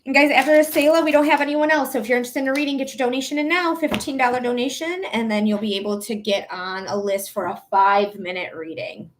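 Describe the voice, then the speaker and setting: A woman's voice: on the high side, steady tone, fast talker, few pauses, slight background noise. A woman from the Detroit area with a Detroit accent, chatting casually and giggling as she hosts a live psychic reading stream, sleep deprived. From Metro Detroit, Michigan. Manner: chatty, giggly, thinks out loud. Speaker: psychic reader and livestream host.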